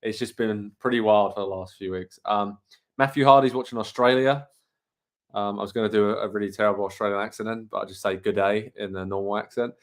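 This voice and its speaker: On the low side and fairly even in intonation, this English co-host speaks briskly. His live watchalong commentary is casual and chatty, calling the action while passing along what viewers write in.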